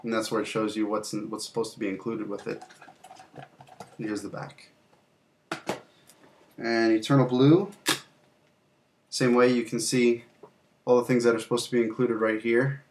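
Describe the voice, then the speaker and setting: A man's voice: mid-range voice, little pitch movement, normal speed, pauses often, a little mellow, a little hiss or hum. A young man hosting a casual video, showing off games from his collection in a loose, rambling way with fillers and some mild swearing. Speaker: channel host. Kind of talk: casual game collection show-and-tell.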